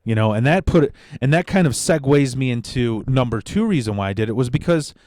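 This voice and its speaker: A comedian from the Chicago area talks through his own podcast in a loose, profane monologue, jumping into excited outbursts. His voice sits at a middling pitch for a man. The sound is dry and close. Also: fairly quick, dry recording. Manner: profane, animated storytelling with sudden excited outbursts. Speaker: podcast host and stand-up comedian. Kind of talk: casual solo podcast monologue.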